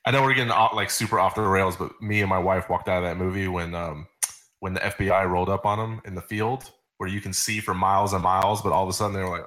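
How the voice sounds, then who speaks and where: A man's voice: low-pitched, steady tone, fast, a bit bright. A man co-hosting a podcast in casual chat, making blunt, crude asides. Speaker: podcast co-host.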